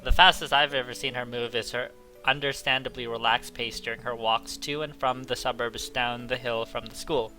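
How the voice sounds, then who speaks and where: A man's voice: mid-range voice, fairly even intonation, normal speed, pushed and bright, faint music behind. A young man narrating a visual novel aloud as a let's play host, reading the story lines with casual asides. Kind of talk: casual game read-along narration.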